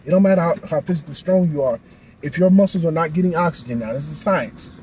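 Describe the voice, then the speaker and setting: Casual male vlogger, out of breath, animated and slangy, mellow tone, light traffic hum. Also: on the high side, fast, poor audio. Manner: animated, slangy, trailing restarts. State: winded after boxing class. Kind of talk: casual vlog talk.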